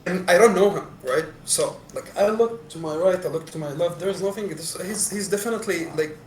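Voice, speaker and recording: A young man from Syria, a podcast co-host telling a story casually, animated, laughing often, with many fillers. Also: high-pitched, a little fast, a little hiss or hum. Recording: echoey room.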